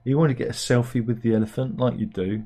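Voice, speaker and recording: Fast and creaky yet warm, this British satirical news host speaks at medium pitch with a steady tone. His wry, casual patter drifts, full of fillers and restarted sentences, as if he's talking to himself.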